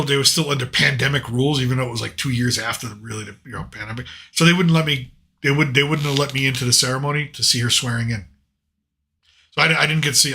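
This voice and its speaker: Casting: American male host, very bright, edgy voice, rambling anecdotal delivery. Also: medium pitch. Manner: rambling anecdotal, frequent restarts and quoted dialogue. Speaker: podcast host. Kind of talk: casual storytelling chat.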